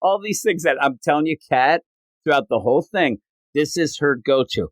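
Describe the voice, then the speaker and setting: A man's voice: a little high, animated, normal speed, no echo. A man co-hosting a casual comic book podcast, retelling scenes and acting out characters' lines in changing voices. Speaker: podcast co-host.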